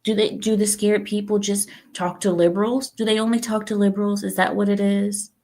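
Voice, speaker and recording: A woman hosting a casual livestream, chatting to her viewers and acting out what others said. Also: fairly quick. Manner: chatty, talks to viewers, acts out quotes with lively pitch. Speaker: livestream host.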